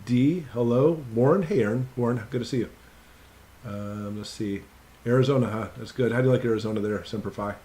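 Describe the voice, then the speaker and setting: A man's voice: mid-range voice, a little fast, dark tone, slight background noise. A man hosting a casual live stream Q&A, reading viewers' names off his computer and greeting each one in an upbeat, chatty way.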